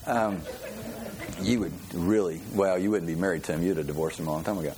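A man gives a relaxed sermon in a church, talking like he's telling a story to friends. He repeats words and restarts his sentences often, with easy laughs. A faint murmur of the room sits behind his voice. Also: low-pitched, brisk, noisy background. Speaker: preacher. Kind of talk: conversational sermon with personal story.

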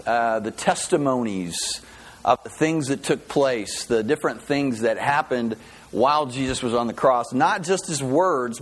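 A man delivers a relaxed, chatty sermon as a pastor to a small group, speaking at an ordinary, mid-range pitch. He tells stories informally, often pausing on fillers and starting sentences over. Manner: relaxed, chatty storytelling with frequent fillers and restarts. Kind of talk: casual sermon to a small congregation.

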